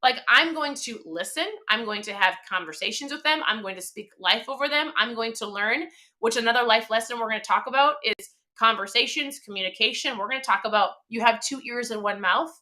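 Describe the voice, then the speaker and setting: Woman host, thirties, motivational live-stream talk, emphatic and chatty; pitched a bit high with a forceful edge. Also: fairly quick.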